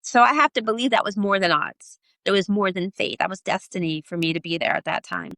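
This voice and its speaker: A middle-aged woman, a podcast guest, telling her story in a lively way and acting out the voices of the people in it. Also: medium pitch, fairly quick, no room sound. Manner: animated, acts out quoted voices. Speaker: podcast guest, sailor and author. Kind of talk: storytelling in an interview.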